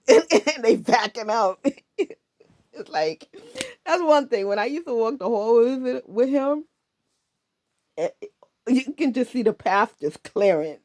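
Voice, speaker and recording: A woman's voice: mid-range voice, normal speed. A middle-aged woman casually telling a personal story, laughing often and acting out her own past lines. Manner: animated, laughing often, quoting herself.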